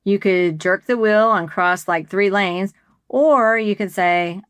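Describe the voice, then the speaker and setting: A woman's voice: mid-range voice, slow pace, fairly bright tone, clear, resonant tone, no echo, clean studio sound. A middle-aged woman co-hosting a faith-based podcast, telling a story in a conversational way and acting out the quoted dialogue. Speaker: podcast co-host.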